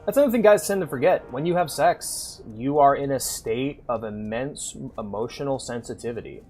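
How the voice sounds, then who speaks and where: A man's voice: mid-range voice, normal speed, a little mellow, faint music behind. A man chatting casually and crudely with viewers while live-streaming a game. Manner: crude, joking, chats with viewers.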